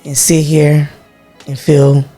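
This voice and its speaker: A woman's voice: low voice, level tone, slow, mellow, soft background music. A woman co-hosting a podcast in casual chat, sassy and playful with jokes. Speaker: podcast co-host.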